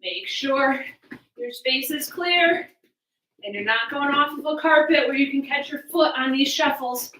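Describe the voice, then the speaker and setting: Winded woman coach counting reps, slow easy delivery, bright voice, roomy echo from the mic being a bit far. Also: sits high. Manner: counting reps and cueing moves while exercising. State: out of breath. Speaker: fitness coach. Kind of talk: coaching a live home workout. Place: small hot room at home.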